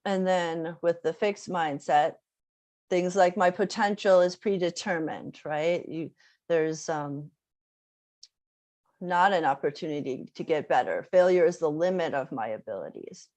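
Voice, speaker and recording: Woman music teacher presenting a workshop, lower voice, slow unhurried pace, chatty with lots of "um" and "right?". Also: darkish tone. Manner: conversational, many fillers and tag questions. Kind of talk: casual online presentation.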